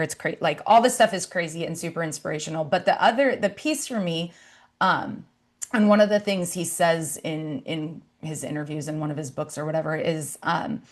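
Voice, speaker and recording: A woman giving a casual storytelling sermon at a campus ministry gathering, chatty and loose, with many fillers and asides. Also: sits low.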